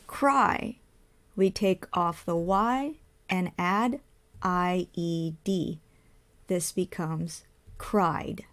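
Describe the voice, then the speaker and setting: Very slow, patient woman ESL teacher. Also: lowish voice. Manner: spells out letters, asks and answers her own questions.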